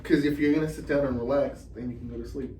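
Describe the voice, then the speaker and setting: Animated young man telling stories, echoey room. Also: medium pitch, fast talker. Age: young adult. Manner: animated storyteller, acts out his family's lines. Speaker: podcast guest. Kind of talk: casual chat. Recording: echoey room, mic at a distance.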